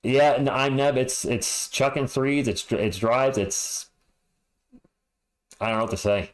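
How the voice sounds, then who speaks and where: A man's voice: mid-range voice, steady tone, measured pace, poor audio. A man hosting a fan livestream, reading halftime stats and chat messages with frustrated, sarcastic commentary.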